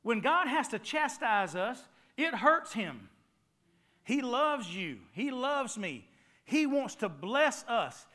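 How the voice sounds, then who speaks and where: A man's voice: very high-pitched, sing-song, slow, sharp tone. A middle-aged man from North Carolina with a Southern accent, preaching a sermon in a folksy storytelling way and checking in with the congregation. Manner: folksy storytelling with call-and-response asides.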